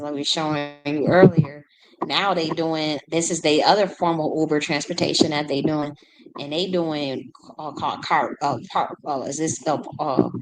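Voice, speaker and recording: A woman's voice: low voice, poor audio. A woman hosting a reaction video, commenting casually on clips and often repeating herself while she hunts for words. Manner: rambling, repeats words while searching for them.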